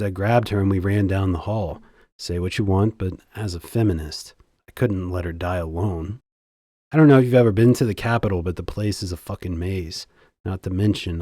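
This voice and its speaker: A man giving a scripted comic narration in the first person, deadpan and sardonically boastful. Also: sits low, dry recording, studio quality.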